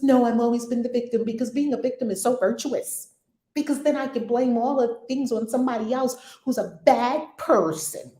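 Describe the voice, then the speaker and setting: A woman's voice: a little high, steady tone, normal speed, warm tone, reverberant. A woman hosting a casual spiritual discussion, frank and slangy, often laughing. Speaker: spiritual teacher and host.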